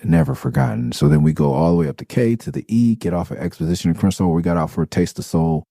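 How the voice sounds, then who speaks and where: A man's voice: medium pitch, quick pace, creaky, warm tone. A middle-aged man from Los Angeles hosting a podcast, telling a loose, profane, rambling story with many restarts. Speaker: podcast host. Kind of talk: casual storytelling monologue.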